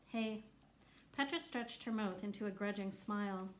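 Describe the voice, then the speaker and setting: A woman reading a novel aloud as narrator, lifting her voice for the characters who shout. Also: mid-range voice, a little fast, rough recording. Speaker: audiobook narrator. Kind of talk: scripted narration.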